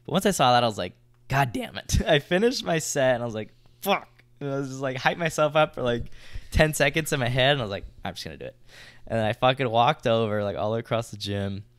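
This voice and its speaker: A man's voice: mid-range voice, expressive, quick pace, fairly bright tone, dry recording. A young man co-hosting a podcast, telling a story in a loose, slangy, swear-filled way. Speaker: podcast co-host. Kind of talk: casual storytelling chat.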